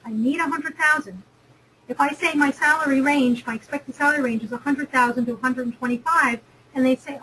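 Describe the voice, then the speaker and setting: A woman's voice: high-pitched, fairly quick, sharp tone, slight background noise, poor audio. A woman from New Jersey giving a chatty, emphatic webinar lecture on negotiation, often repeating and restarting phrases. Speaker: career webinar presenter.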